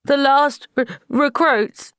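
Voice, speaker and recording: A woman's voice: a little high, measured pace, no room sound, studio quality, voice pushed up, close to an everyday voice. A woman voicing a nervous young male recruit who stammers and trembles as he speaks. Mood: shaky.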